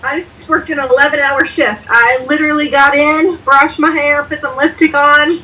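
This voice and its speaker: A woman's voice: sits high, fairly even intonation, normal speed, bright, forceful tone, recorded from a distance. A woman co-hosting a book club livestream over a video call, talkative and joking. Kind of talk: casual chat.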